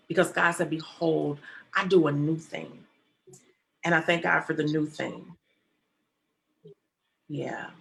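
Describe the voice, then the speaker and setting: A woman hosting an interview over a video call. Her voice sits a little low but rings bright and forward. She speaks with deep feeling, holding back tears. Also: steady tone, slow pace, gravelly, long pauses. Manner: tearful, fighting to hold back crying. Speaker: interview host. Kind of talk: emotional conversation on a video call.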